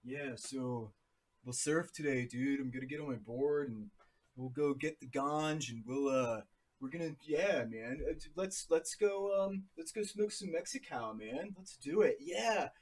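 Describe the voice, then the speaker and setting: A man putting on the voice of a laid-back California surfer dude with a slow, slangy drawl. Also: medium pitch, far from the mic, close to an everyday voice.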